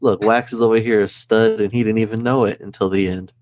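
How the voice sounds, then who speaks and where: Jokey low-voiced podcast man, dry sound. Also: a little fast, no room sound. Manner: jokey, energetic. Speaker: podcast co-host. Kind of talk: casual podcast chat.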